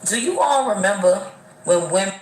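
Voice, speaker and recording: A woman's voice: mid-range voice, normal speed, roomy sound, rough recording. A woman giving a casual, sarcastic opinion monologue with a teasing edge. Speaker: clip contributor.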